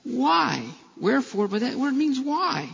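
Brief: male pastor, impassioned preacher, high gravelly voice, bright edge, long church reverb, dull lo-fi recording. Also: sing-song, a little slow. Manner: impassioned preaching with rhetorical questions. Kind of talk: sermon.

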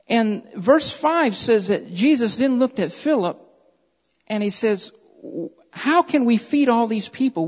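A man preaching a sermon who reads scripture aloud in a measured way and presses his points with repeated phrases, calling his listeners beloved. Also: high voice, a little mellow. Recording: dull lo-fi recording in a reverberant hall.

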